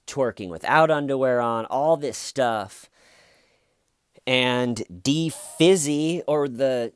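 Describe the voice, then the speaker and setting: A man's voice: mid-range voice, clean tone, no room sound, clean studio sound. A man talking through a true-crime story in a rambling, conversational commentary full of fillers and restarts. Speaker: commentary youtuber.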